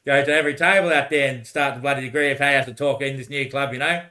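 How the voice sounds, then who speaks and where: A young man rambling in casual talk, swearing, laughing often and repeating short phrases over and over before trailing off into quiet mutters. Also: mid-range voice, steady tone, racing.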